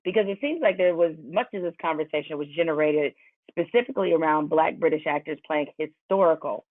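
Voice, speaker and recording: A woman's voice: sits low, a little fast, dry recording. Woman host on a tinny, dry line. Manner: long, winding questions with frequent laughter. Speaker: podcast host. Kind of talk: casual interview questions. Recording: tinny phone-like, dry sound.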